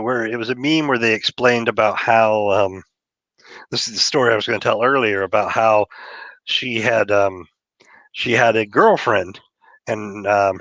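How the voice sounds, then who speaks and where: A man's voice: on the low side, fairly bright tone, no room sound, dull audio. A man from Texas, a comic creator guest, talking in a laid-back, rambling way with frequent fillers. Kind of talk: casual interview chat.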